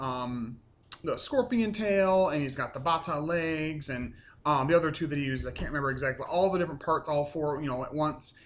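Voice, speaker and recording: A man's voice: on the high side, a bit bright. A man casually recapping a TV episode at home, rambling with lots of fillers and casual swearing. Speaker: reviewer.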